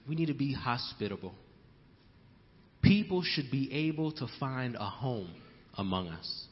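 Young preacher in a reverberant church. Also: male voice, medium pitch, expressive, unhurried. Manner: repeats key lines for emphasis, calls listeners brothers and sisters; storytelling asides, rising to loud emphasis. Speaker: pastor. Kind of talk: sermon. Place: church sanctuary. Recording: long hall reverb, dull lo-fi sound.

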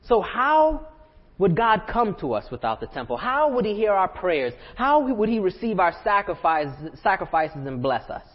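A man's voice: high voice, big pitch swings, normal speed, long reverb tail, muffled recording. A man preaching a sermon as pastor, talking conversationally and asking the congregation rhetorical questions. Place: church sanctuary.

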